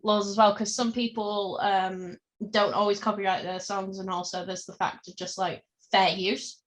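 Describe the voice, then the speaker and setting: Woman co-host, mid pitch, casual rambling chat. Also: flat delivery, normal speed. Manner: rambling, filler-heavy, tangent-prone. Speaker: podcast co-host.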